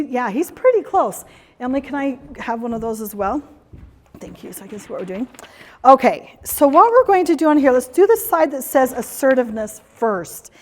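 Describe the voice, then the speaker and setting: Long hall reverb surrounds this high-pitched, slightly mellow woman as she leads a live workshop in a conference room or hall. A corporate trainer, she chats, tells stories and puts questions to the audience.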